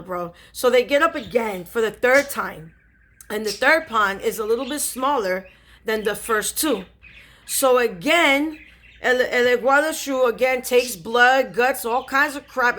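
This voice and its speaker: A woman spiritual reader casually retelling a story in slangy, animated speech with lots of fillers. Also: fairly high pitch.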